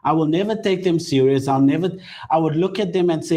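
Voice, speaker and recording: A man's voice: on the high side, a little fast, dark tone. A South African man giving heated political commentary, indignant and emphatic, often repeating himself for effect. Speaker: panel commentator.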